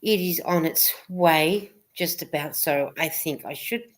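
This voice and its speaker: A woman's voice: low-pitched, measured pace. Rambling woman hosting a casual live chat. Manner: rambling, reads viewer comments aloud with restarts. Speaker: host of a live chat stream.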